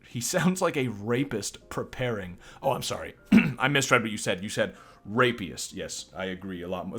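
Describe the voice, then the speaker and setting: A man's voice: on the low side, animated, moderate pace, few pauses, a bit bright, husky. A man streaming a game, joking, swearing and laughing as he comments. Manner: joking, profane, laughs often. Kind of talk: casual live-stream commentary.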